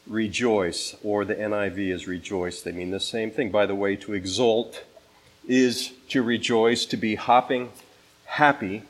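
A man's voice: on the low side, low-quality recording. A man preaching an expository sermon, teaching like a teacher and stressing key words with emphatic inflection as he reads scripture aloud. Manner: teacherly, gives listening assignments. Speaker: pastor.

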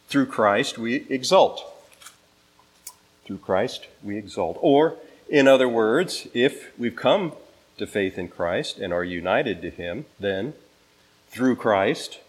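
A man's voice: lowish voice, takes it slowly, rough recording. A man preaching an expository sermon, teaching like a teacher and stressing key words with emphatic inflection as he reads scripture aloud. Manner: teacherly, gives listening assignments. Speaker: pastor.

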